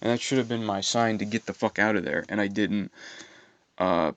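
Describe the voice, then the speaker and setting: Aggrieved young man, smooth low voice. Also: fairly bright tone, no room sound, dull audio. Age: young adult. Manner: aggrieved, profane, halting with fillers. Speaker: vlogger. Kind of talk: rambling personal storytime monologue.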